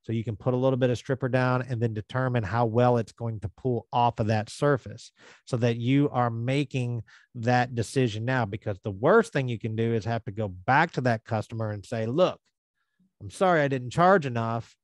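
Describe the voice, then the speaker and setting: A man gives a casual live training to contractors, steady and mid-pitched. He often slips into quick impressions of customers. The sound is dry and close. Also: no echo. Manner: conversational, acts out customer quotes.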